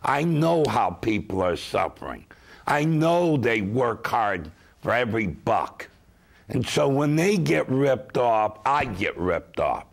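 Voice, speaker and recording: A man's voice: medium pitch, vocal fry. A middle-aged man, a consumer advocate telling emphatic stories on a talk show. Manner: slow, emphatic, lively storyteller. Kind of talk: storytelling talk-show chat.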